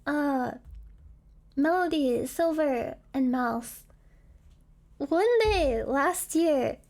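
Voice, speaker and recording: A woman's voice: sits high, animated, extremely slow, darkish tone. A woman streamer chatting casually on a live stream, giggly, rambling and apologetic, with bad hiccups.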